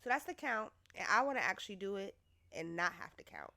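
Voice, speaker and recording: A woman's voice: medium pitch, lively intonation, fairly quick, vocal fry, sharp tone. A young woman hosting her own podcast in a loose, chatty way, swearing casually, her voice still worn from being sick. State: recovering from covid, voice still sick. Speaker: podcast host. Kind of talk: casual solo podcast talk.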